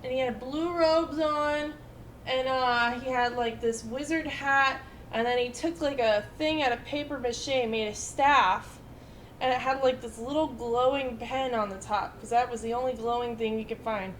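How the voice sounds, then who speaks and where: Woman, twenties, high voice, chatty animated storytelling, echoey room. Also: normal speed, slight background noise. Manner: animated storytelling with many fillers and quoted voices. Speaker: storyteller in casual chat. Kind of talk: casual chat.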